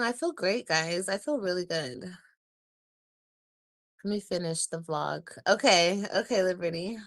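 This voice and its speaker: A tired woman in her thirties chats to her livestream viewers, sighing often and dragging her words out slowly. The recording is close and dry, with no room sound. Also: mid-range voice, dry recording. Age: 30s. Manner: weary, sighing, drawn-out talk. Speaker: livestreaming vlogger. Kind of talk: casual livestream chat.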